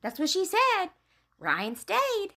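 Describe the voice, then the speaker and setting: Woman ranting, high bright voice. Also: wildly swooping pitch, slow. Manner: heated, profane, emphatic. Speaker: commentary vlogger. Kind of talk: ranting commentary.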